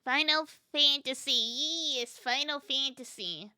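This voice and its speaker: A woman's voice: high-pitched, takes it slowly, bright, forceful tone, no room sound. A woman game streamer in casual chat, talking to her viewers, laughing often and answering chat as she plays.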